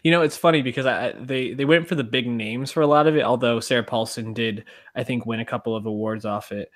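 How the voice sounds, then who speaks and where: A man co-hosting a podcast in easygoing casual chat with quick asides. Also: mid-range voice, fairly even intonation. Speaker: podcast co-host.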